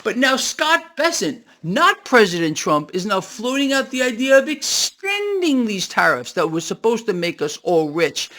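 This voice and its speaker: A man's voice: high voice, big pitch swings, normal speed, hardly any pauses, sharp tone. A man hosting a solo market commentary video, ranting sarcastically and firing rhetorical questions at his viewers.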